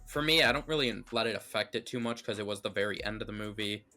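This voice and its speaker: Blunt, bright-voiced man ranting. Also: fairly low pitch, quick pace, faint music behind. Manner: blunt, opinionated and ranting, lots of fillers. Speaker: co-host of a movie review show. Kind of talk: casual review chat.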